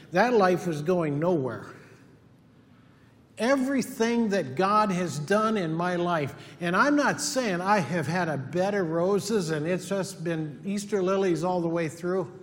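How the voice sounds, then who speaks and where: A middle-aged male pastor preaching a sermon in an earnest, emphatic way, repeating his key points. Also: high-pitched. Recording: long hall reverb.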